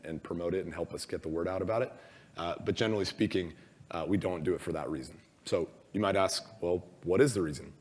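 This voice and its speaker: A hoarse man who has lost his voice gives a casual, self-deprecating conference talk, with many ums and uhs. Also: sits low. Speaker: conference speaker. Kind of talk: conference presentation. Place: large conference hall. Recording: long reverb of a large hall.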